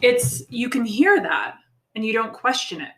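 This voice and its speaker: A woman's voice: fairly high pitch, sing-song, moderate pace, a bit bright, slight background noise. A woman co-hosting a podcast in casual chat, frank and upbeat, swearing freely. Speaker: podcast co-host. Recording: roomy echo.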